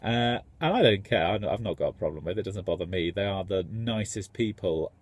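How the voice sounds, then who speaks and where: A man's voice: sits low, animated, brisk. A man, a tradesman, rambling enthusiastically in a casual vlog. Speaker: tradesman contractor.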